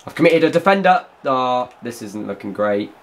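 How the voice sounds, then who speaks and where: Excitable young man, lively pitch. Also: moderate pace. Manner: excitable, chatty, bursts into shouts. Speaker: gaming YouTuber. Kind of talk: excited live gameplay commentary.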